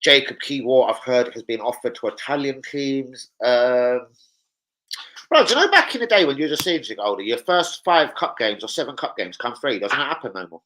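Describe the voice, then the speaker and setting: A man's voice: medium pitch, big pitch swings, moderate pace, bright, forceful tone, rough recording. A young man with a London accent hosting a casual livestream, swearing freely in laddish banter. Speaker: livestream host. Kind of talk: casual live chat reading comments. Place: home, indoors.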